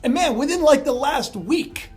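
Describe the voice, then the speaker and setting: A man's voice: extremely high pitch, expressive, moderate pace, faint music behind. A man hosting a casual monologue video, rambling and chatty with lots of fillers and asides. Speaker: prophecy video host. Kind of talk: casual monologue on end-times signs.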